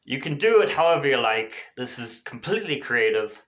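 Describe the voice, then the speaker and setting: A man teaches an English lesson in an energetic, conversational way and pops his voice up high when he models the example phrases. His voice sits at an ordinary pitch for a man. The recording sounds a little dull and lo-fi. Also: a little fast. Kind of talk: classroom explanation. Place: lives in Spain.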